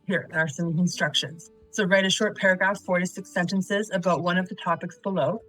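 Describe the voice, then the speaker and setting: Patient tutor woman, low-pitched voice. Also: steady tone, fairly quick, fairly bright tone, no echo, poor audio. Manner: patient, methodical, reading out examples and exercises. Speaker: essay writing tutor. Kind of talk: instructional lesson narration. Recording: light guitar music behind.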